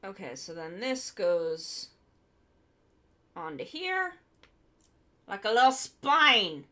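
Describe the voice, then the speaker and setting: A woman's voice: medium pitch, very animated, takes it slowly, sharp tone. A woman streamer chatting casually and thinking aloud as she builds a model kit live. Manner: chatty, thinking aloud while working with her hands.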